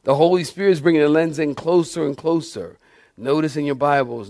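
A man's voice: a little high, a little fast, a little mellow, no room sound. A middle-aged man preaching a sermon as pastor, emphatic, repeating key phrases and asking the congregation questions.

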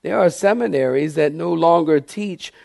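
Emphatic preacher man, higher-pitched voice. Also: moderate pace, creaky, a little mellow, no echo, studio quality. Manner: emphatic preacher, repeating key phrases and asking the congregation questions. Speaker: pastor. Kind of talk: sermon.

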